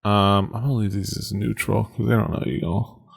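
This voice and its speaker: A man's voice: on the low side, fairly even intonation, normal speed, gravelly, breathy edge. A man running a tabletop game as game master, narrating with many hesitations and restarts.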